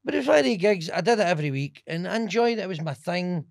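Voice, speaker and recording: A man's voice: high-pitched, quick pace, creaky, dry recording, studio quality. A Scottish man, a stand-up comedian, telling swear-laden stories in a casual podcast chat. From Scotland. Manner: animated, swearing, laughing storyteller.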